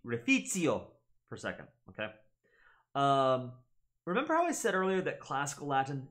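Animated man explaining Latin pronunciation. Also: mid-range voice. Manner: animated, repeats words to demonstrate pronunciation. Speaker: gaming channel host teaching Latin. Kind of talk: casual explanatory lesson.

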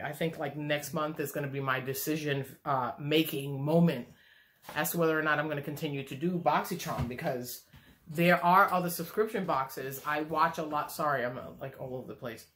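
A woman's voice: sits low, moderate pace, fairly bright tone. A middle-aged woman chatting casually through a beauty unboxing on her phone, rambling and self-deprecating with lots of fillers and restarts. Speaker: beauty vlogger. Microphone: phone camera.

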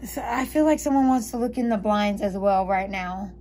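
A woman's voice: medium pitch, normal speed, dark tone, slight background noise. A woman reading tarot cards aloud, chatty and giggly, thinking aloud as she goes. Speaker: tarot reader.

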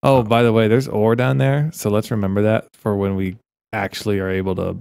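A man with a lowish, creaky, slightly mellow and smooth voice speaks briskly in a level tone on a dry recording. As a podcast co-host, he chats casually while playing a game, cracking goofy jokes and wandering off on rambling tangents.

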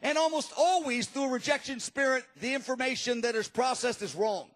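A man preaching a sermon, telling the story in an animated, emphatic way. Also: very high voice, brisk. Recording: long reverb of a large hall.

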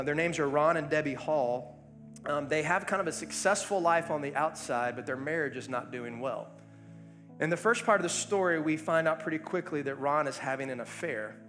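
A man's voice: on the high side, fairly bright tone. Earnest male pastor telling a story. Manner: earnest, conversational storytelling with frequent fillers. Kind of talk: sermon.

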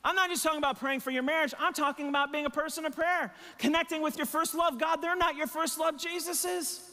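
A man's voice: extremely high pitch, fairly even intonation, fast talker, bright, forceful tone, big-room sound. A male pastor preaching an impassioned sermon with emphatic repetition and rhetorical questions, his voice a little strained. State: voice strained, catching his breath. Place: church sanctuary.

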